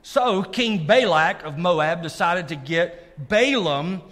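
A man's voice: sits high, lively intonation, slow, a bit bright. A male pastor preaching a sermon, calling out to his congregation to check they are listening. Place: church sanctuary. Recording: long reverb of a large hall.

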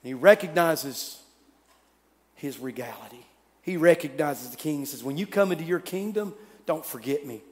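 A man preaching a sermon, telling the story dramatically, swinging from loud to hushed. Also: fairly high pitch, expressive, normal speed, in a large hall. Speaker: pastor.

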